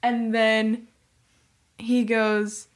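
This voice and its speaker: A woman's voice: on the high side, monotone, extremely slow. Laid-back young woman guest, giggly. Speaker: returning guest. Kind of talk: casual book chat.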